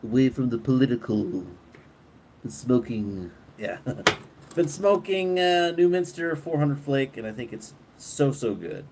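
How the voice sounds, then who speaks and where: A man hosting a casual live stream, relaxed, reading viewer comments aloud and laughing often. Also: medium pitch, measured pace, poor audio. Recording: clear background noise.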